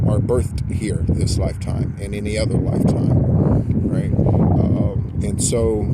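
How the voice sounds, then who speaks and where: A man giving a rambling, preachy spiritual pep talk outdoors, correcting himself as he goes. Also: lowish voice. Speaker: spiritual guidance host. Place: outdoors near traffic. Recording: loud outdoor traffic noise. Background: street and car noise.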